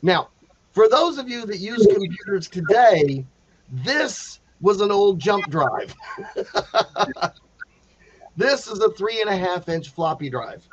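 A man telling a story in a casual, animated way, acting out the quotes with many restarts. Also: high-pitched, takes it slowly, long pauses, lo-fi sound, a little hiss or hum. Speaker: panel guest telling a story.

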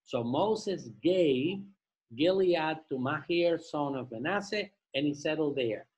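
A husky man reads scripture aloud to his study group. His voice sits a bit high, and he takes the passages slowly, tripping over the names and stopping for joking asides. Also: expressive, darkish tone, poor audio. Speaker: Torah study participant reading scripture. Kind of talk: reading aloud and group discussion.

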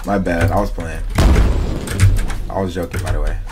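A man's voice: low voice, fairly even intonation, normal speed, long pauses, noisy background. A young man streaming a game, trash-talking in casual slang and talking to his chat. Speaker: gaming streamer. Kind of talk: casual gameplay commentary.

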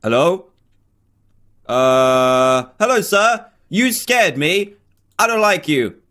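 A man's voice: on the high side, expressive, slow pace, fairly bright tone. A man hosting a game video, giving nervous, jumpy horror game commentary and talking to himself as he plays. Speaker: gaming video host.

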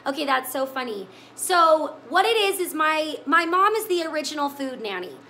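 A woman's voice: sits high, lively intonation, normal speed, pushed and bright, slight background noise. A woman hosting a live cooking stream, chatting with viewers in an emotional, tearful way. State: crying. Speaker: cooking show host. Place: home kitchen.

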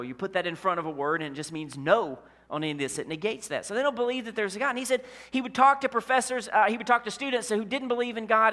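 A man, a senior pastor, preaching a conversational sermon with rhetorical questions and jokes, dropping his voice low on the key lines. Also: sharp tone. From Illinois. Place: church sanctuary.

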